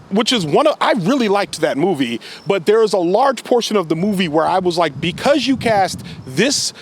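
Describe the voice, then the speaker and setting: A man hosting a podcast, reviewing a film in candid, animated casual chat with a co-host. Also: high-pitched.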